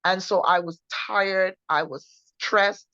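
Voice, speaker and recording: A woman co-hosting a faith show, recounting her personal testimony in an earnest, halting way with many restarts. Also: medium pitch, steady tone, pushed and bright, no echo. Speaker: co-host sharing her testimony. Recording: dull, muffled sound.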